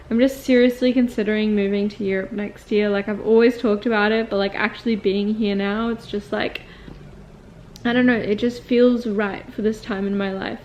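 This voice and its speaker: A woman's voice: mid-range voice, a little mellow, a little hiss or hum, poor audio. A woman in her twenties talking to her viewers in a casual confessional vlog, chatty and rambling with lots of "like" fillers. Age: 20s. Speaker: vlogger and acting student.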